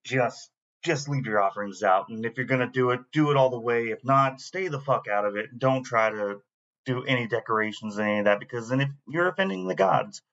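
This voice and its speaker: A man's voice: medium pitch, a little fast, fairly bright tone. A man co-hosting a podcast, talking in a laid-back, rambling, profane way. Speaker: podcast co-host. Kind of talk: casual chat. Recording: dull lo-fi glitchy recording.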